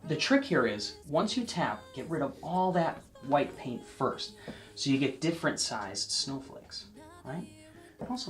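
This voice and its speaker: A man giving a casual painting lesson, chatting to the viewer and often checking in, sometimes dropping to a soft near-whisper as he works. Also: a little high. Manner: drops to a soft near-whisper while working. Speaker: painting instructor.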